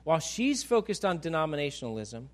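A man preaching a sermon in a casual, conversational way, animated and often repeating words as he restarts. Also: fairly high pitch, fairly quick. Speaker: pastor.

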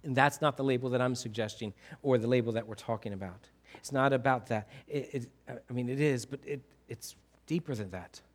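A man's voice: medium pitch, a little fast. A middle-aged man preaching a sermon in a conversational way, asking the congregation questions and often repeating himself. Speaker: pastor.

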